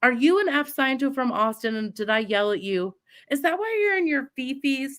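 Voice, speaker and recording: A woman's voice: high-pitched, expressive, moderate pace, fairly bright tone. A middle-aged woman hosting a livestream, ranting with defiant profanity and mocking imitations of her critics. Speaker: livestream host. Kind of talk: heated livestream rant.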